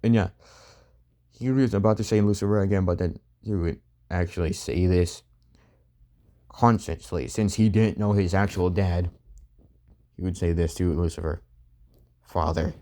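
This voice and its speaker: A man improvising a fan story, rambling and filling pauses with "and yeah.". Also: low-pitched, warm tone.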